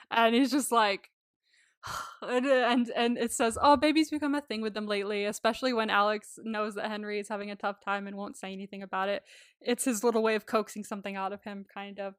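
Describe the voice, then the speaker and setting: A woman's voice: mid-range voice, clean tone, no room sound. Giggly woman podcaster, dry close sound. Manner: animated and giggly, acting out quotes; swears freely. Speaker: podcast co-host. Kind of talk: casual chat recapping a movie.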